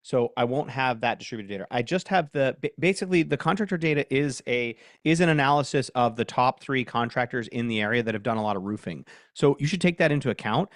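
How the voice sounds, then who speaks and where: A man with a medium-pitched voice hosts a casual live workshop. He talks in a chatty, self-mocking way and dictates prompts out loud. The sound is dry and close, with little room reverb. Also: animated, fast, hardly any pauses. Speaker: host.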